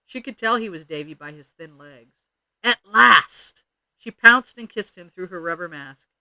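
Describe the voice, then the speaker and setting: A man's voice: on the high side, animated, a little fast, sharp tone, no room sound. A man expressively reading a children's chapter book aloud. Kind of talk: read-aloud storytelling.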